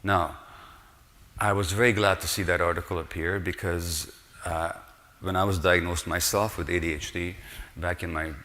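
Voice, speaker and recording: A man with a low, forceful voice delivers an earnest public lecture as a physician, driving points home with rhetorical questions. His voice rings out in a large hall with a long reverb tail. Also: steady tone, normal speed.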